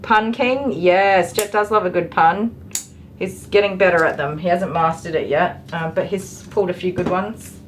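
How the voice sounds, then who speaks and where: Fairly low in pitch and moderately paced, this middle-aged dog groomer's voice comes through against a noisy background. She chats casually on a live stream while working, laughing and saying um often, inside a grooming salon.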